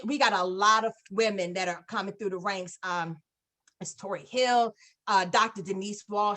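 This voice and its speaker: Effusive woman on a video call. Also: on the high side. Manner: effusive, animated storytelling with many fillers. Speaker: guest speaker on a business call. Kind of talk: casual testimonial on a video call.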